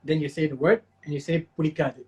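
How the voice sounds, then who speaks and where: A guest in a casual chat, relaxed and patiently explaining while laughing often. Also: male voice, fairly high pitch, rapid-fire.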